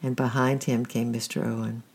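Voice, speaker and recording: A storyteller reading a first-person storybook in a quiet, steady way with a creaky, husky voice. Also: medium pitch, normal speed.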